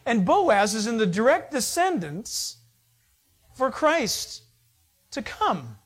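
A man's voice: very high voice, very animated, slow pace. A man preaching a sermon, retelling the story in a casual, conversational way and acting out the people's lines. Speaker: pastor.

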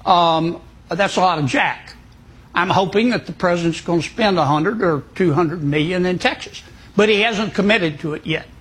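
A man speaking in a plainspoken, folksy way in an interview clip, pausing on fillers. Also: sits high, fairly bright tone, husky, low-quality recording. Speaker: senator in a clip.

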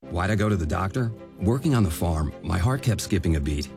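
A man's voice: low-pitched, animated, brisk, loud music behind the voice. A middle-aged man speaking as a farmer in a radio ad, telling his story plainly and earnestly. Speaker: farmer in a health ad.

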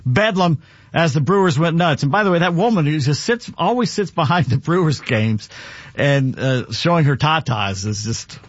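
Speaking at a normal speed in a voice on the high side, the host of a sports talk radio show rambles through opinionated stories and scores in casual, lively chat. He's on a studio broadcast mic, in a dry recording with dull audio.

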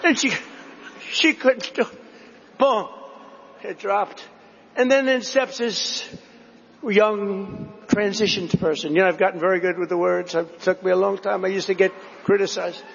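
At a rally, a male political speaker gives a rambling, repetitive speech, drifting from one story to another before the crowd. His high voice has vocal fry and a breathy edge, captured lo-fi in a large hall.

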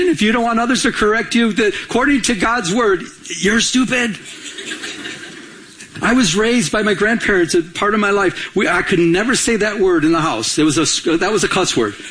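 A male pastor preaching a sermon in an animated way, acting out everyday dialogue and repeating himself as he talks. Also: sits high, fairly quick, slight background noise. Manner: animated, acts out quoted dialogue, frequent repetitions.

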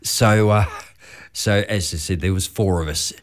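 Australian male podcast host, low voice, relaxed storyteller. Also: unhurried. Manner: laid-back yarn-spinning, chuckles through stories. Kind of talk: casual storytelling chat.

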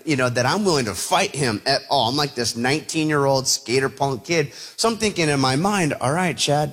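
A man telling a personal story to an audience, animated, acting out the voices of the people in it. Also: mid-range voice, breathy edge.

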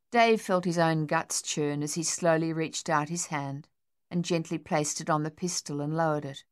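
Lady reading a war audiobook, kinda low voice, steady and tense. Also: moderate pace. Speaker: narrator. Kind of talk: audiobook narration.

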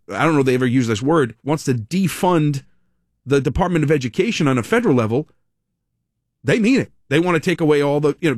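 A man hosting a talk radio show, speaking in an animated monologue full of sarcastic asides and self-corrections. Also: on the high side, dry recording, clean studio sound. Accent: American. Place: radio studio. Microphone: studio microphone.

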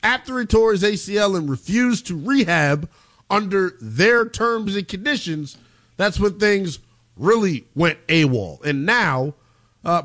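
A male sports radio host sits in a studio and works through the story at a steady, measured pace. He offers firm opinions, and his voice is a touch higher than most men's. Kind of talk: sports talk radio commentary.

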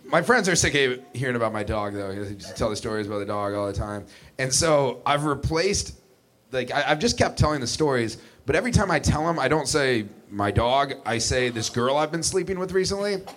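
A man performing a stand-up routine, animated and self-mocking. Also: medium pitch, fairly quick. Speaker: stand-up comedian.

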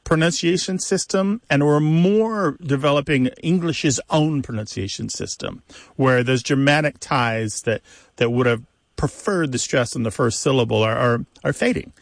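A man's voice: mid-range voice, moderate pace, vocal fry, dry recording. A man co-hosting a language call-in show, explaining word stress in a professorial way with many examples. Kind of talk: explanatory radio chat.

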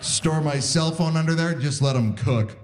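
A man's voice: a little high, moderate pace. A man in his forties performing a self-deprecating stand-up set on a live stage, acting out other people's voices. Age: 40s. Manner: self-deprecating, acts out voices of wife and doctors. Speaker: stand-up comedian. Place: live theatre stage with audience. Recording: live stage recording with crowd noise. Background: audience laughter.

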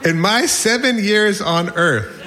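Pria 40-an membacakan esai pribadi. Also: male voice, high-pitched, slow, sharp tone. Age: 40s. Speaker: narrator. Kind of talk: reading a personal essay aloud.

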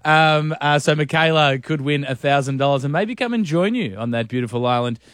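Radio quizmaster, higher voice. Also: male voice, fairly bright tone, dry recording, studio quality. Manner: teasing, brisk quizmaster. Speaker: radio host running a quiz. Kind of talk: radio banter and quiz hosting.

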